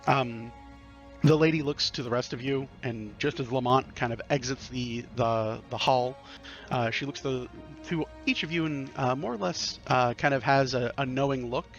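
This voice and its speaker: A man game master narrates the scene casually, pausing often on fillers. His mid-range voice comes through slightly muffled stream audio, with faint music behind. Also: medium pitch. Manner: loose, filler-heavy narration.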